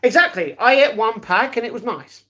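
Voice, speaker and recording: High-voiced man chatting on a live stream. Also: lively intonation, moderate pace, sharp tone. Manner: chatty, calls viewers darling and mate. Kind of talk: casual live-stream chat reading comments.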